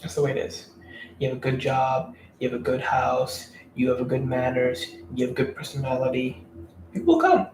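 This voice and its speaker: A man's voice: medium pitch, monotone, moderate pace. A man giving blunt dating advice in a casual, rambling, profane rant to camera. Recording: roomy room, mic at a distance, faint background noise.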